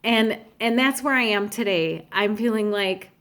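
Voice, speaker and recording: Middle-aged woman, heartfelt confessional vlogger, earnest and halting. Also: medium pitch, a bit bright. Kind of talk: candid personal vlog.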